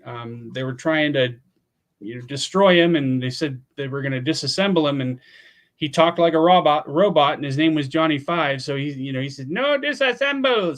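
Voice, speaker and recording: A man around fifty from Pennsylvania, hosting a casual livestream at home and chatting in a laid-back way that includes casual swearing. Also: on the high side. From Pennsylvania, USA. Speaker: livestream host.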